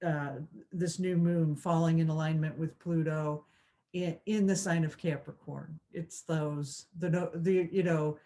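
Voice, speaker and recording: A woman's voice: low voice, fairly even intonation, a little slow, mellow, slight background noise. Rambling woman co-hosting a spiritual chat. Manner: rambling, many fillers and restarts. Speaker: co-host of a spirituality show. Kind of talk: casual chat.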